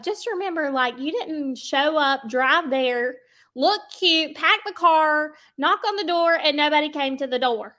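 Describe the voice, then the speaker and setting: A woman's voice: high-pitched, a little slow, sharp tone. A woman giving a casual sales coaching talk, chatty and checking in with her listeners often. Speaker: sales trainer.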